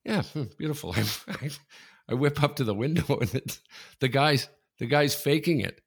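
A Canadian man co-hosts a casual chat podcast, an animated storyteller who laughs his way through anecdotes. His voice is medium-pitched, creaky, and husky, at a moderate pace.

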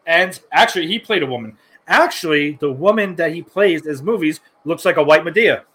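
A man's voice: a little high, fairly quick, a bit bright, breathy edge, poor audio. A man in his thirties co-hosting a podcast, laughing and swearing as he jokes. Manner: laughing, profane joking. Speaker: podcast co-host. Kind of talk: casual podcast banter.

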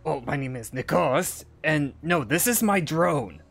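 A man's voice: a little high, lively intonation, creaky, a bit bright, exaggerated voice. Jittery stammering dockside mechanic, a man doing the voice. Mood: panicked. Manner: stammering, rushed, over-eager. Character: nervous male port mechanic, fidgety and evasive.

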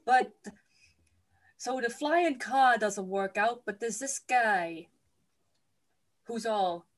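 A woman's voice: a little high, takes it slowly. A woman hosting a comedic movie recap, joking and giggling through playful asides. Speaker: podcast host.

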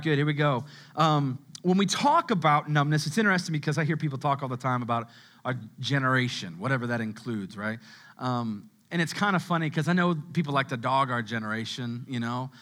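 A young adult man preaching a sermon in a conversational style, repeating words as he goes and dropping to a low hush on key words. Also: animated, fairly quick. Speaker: pastor.

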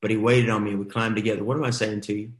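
A man's voice: lowish voice, little pitch movement, very fast, reverberant. A middle-aged man telling a motivational story as host of a coaching boot camp, emphatic and exhorting, repeating his phrases.

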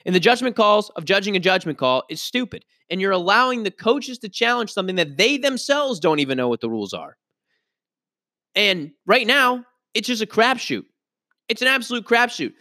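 Guy with a high bright voice doing a solo sports rant, fired up and pushy, restarts a lot, dry close sound. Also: big pitch swings, normal speed, no echo. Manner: frustrated, emphatic ranting with repeated restarts. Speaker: podcast host. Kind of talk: solo sports opinion podcast.

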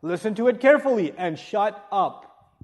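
A man delivers a religious lecture to a live audience in a high voice. He keeps it conversational and jokey, firing rhetorical questions at his listeners, then turns insistent and forceful when he presses a point. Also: lively intonation, normal speed. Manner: grows forceful and insistent when urging respect. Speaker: Islamic teacher.

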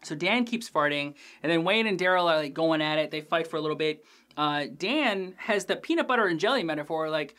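A young man hosting a podcast, recapping an episode in a casual, animated, jokey way with crude asides and lots of fillers. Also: on the high side, brisk. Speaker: podcast host reviewing a TV episode.

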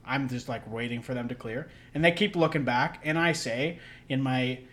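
A man's voice: mid-range voice, normal speed, fairly bright tone. A young man co-hosting a podcast, telling a long story in a rambling, laughing way with lots of fillers. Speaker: podcast co-host. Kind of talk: casual storytelling chat.

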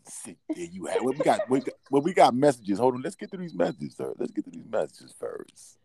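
A man's voice: mid-range voice, sing-song, brisk, vocal fry, warm tone, slightly rough. A man hosting a casual live stream, loose and laughing as he coaxes callers to perform.

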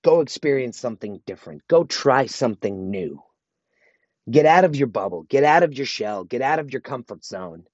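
Recorded dry with the highs cut off, this married man speaks in a mid-range, darkish voice. Alone on his podcast, he gives a sincere, motivating monologue, often repeating phrases for emphasis.

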